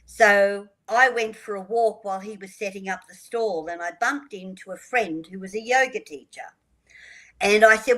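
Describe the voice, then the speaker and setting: Older woman, radio guest, lively storyteller, acts out dialogue, mid-pitched voice. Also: normal speed, low-quality recording. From Australia. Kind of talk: storytelling interview.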